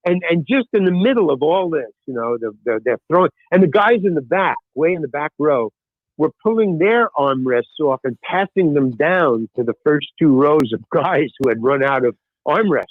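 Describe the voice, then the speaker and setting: An older man spins long anecdotes in an animated way, his voice rising and falling a lot and sitting fairly high for a man. The sound is thin and phone-like, with a dry, close feel. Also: moderate pace, no room sound. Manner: animated anecdote-telling, frequent restarts. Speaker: podcast guest. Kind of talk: storytelling in casual chat.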